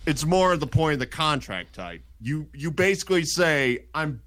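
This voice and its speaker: A man in a casual sports chat, talking from his basement at home and explaining his points calmly. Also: a little high, moderate pace.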